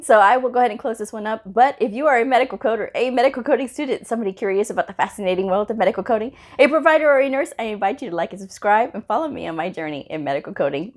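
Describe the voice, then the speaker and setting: A woman in a casual advice vlog, talking straight to her viewers like a friend. She tells her stories in a chatty, animated way and leaps up in pitch when she retells what others said. She checks in often with little asides. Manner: chatty storyteller, often checks in with "okay?" and "you know what I mean?". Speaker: medical coding vlogger.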